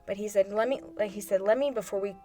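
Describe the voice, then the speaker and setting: A woman's voice: mid-range voice, fast talker, dark tone, faint music behind. A woman hosting a podcast, telling a personal story in an emotional monologue and acting out her phone calls as quoted dialogue. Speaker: podcast host.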